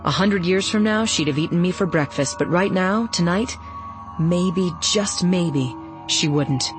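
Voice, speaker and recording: A woman reading a first-person novel aloud in a steady, even storytelling voice. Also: on the low side, unhurried, music in the background. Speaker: audiobook narrator.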